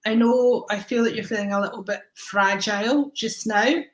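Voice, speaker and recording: A woman's voice: mid-range voice, fairly even intonation, normal speed, roomy sound, poor audio. A woman giving psychic readings to viewers on a live stream, affectionate and rambling, calling people darling. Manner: rambling, many ums and restarts.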